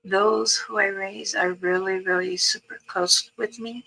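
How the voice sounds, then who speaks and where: An older woman talking casually with viewers on a live stream, in a gentle, wandering way, with soft words that trail off. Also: mid-range voice, fairly even intonation, a little slow, gravelly, heavy background noise. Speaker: livestream host answering viewers. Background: music playing in the background.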